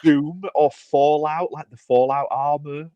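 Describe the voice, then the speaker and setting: A man's voice: a little high, fairly even intonation, unhurried, dark tone, clean tone, dry recording, muffled recording. A man co-hosting a podcast in casual chat, rambling with restarts and self-deprecating jokes. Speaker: podcast co-host.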